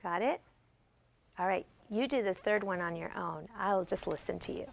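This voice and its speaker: A woman's voice: mid-range voice, normal speed, gravelly. A woman teacher giving classroom instruction, guiding students step by step with patient questions. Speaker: special education teacher.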